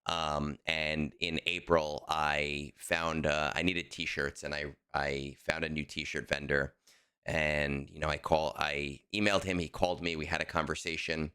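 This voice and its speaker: Podcast co-host, man, very low voice, crisp and bright, animated emphatic storyteller. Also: a little slow. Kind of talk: casual chat.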